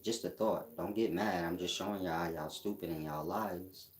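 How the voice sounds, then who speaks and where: A man's voice: low voice, normal speed, faint music behind. A man hosting a casual livestream, reading out chat comments and answering them in a blunt, mocking way with frequent laughs. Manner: blunt, mocking, laughs at his own jabs.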